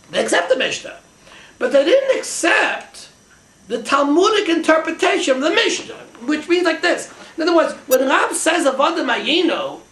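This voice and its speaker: Excited Yeshivish teacher in an echoey room. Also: male voice, extremely high pitch, gravelly. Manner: excited, thinking aloud, Yeshivish English full of Hebrew terms. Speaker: Torah teacher. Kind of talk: Talmudic lecture to a small class.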